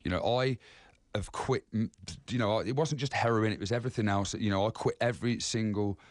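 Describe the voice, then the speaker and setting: Radio guest: earnest man, low voice, dry close sound, repeats himself. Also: dry recording. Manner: earnest, repetitive, halting. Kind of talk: radio interview.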